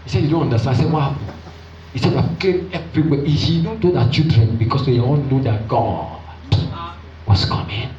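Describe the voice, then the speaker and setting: A man preaching a storytelling sermon, acting out voices and leaping high when he plays excited women. He is recorded from afar in a roomy church hall, so the sound is dull and echoing, with a faint hum of ambience behind him. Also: brisk, distant mic. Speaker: pastor.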